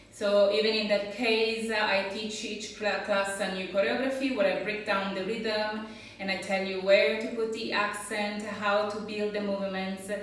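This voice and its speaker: A woman teaching a belly dance class, counting rhythms and explaining steps patiently. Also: medium pitch. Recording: echoey room, voice from far off.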